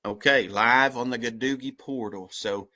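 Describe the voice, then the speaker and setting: The head of a community service corps, speaking with a rural American accent, gives an earnest, folksy and passionate talk about his work and then takes questions on a video call, often restarting his sentences. His voice is mid-range with a sharp tone, at a normal speed.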